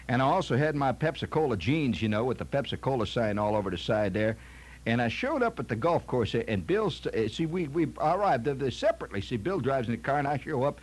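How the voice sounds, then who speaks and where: A man's voice: mid-range voice, breathy edge. A man telling a rambling comic story in a folksy manner, peppering it with "see?" and "you know".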